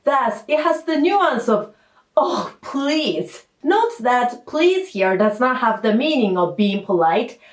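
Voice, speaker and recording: A woman teaching a language lesson in a clear, patient way, with playful asides. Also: a little high, animated, measured pace. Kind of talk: scripted lesson narration. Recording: roomy echo.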